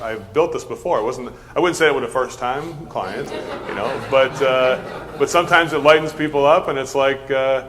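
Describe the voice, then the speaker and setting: A man talks fast and animatedly about answering phones, stumbling over and repeating words as he goes. His voice sits at an ordinary pitch. A faint noise hums behind him. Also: fairly bright tone. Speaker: host and service trainer. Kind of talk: casual interview chat.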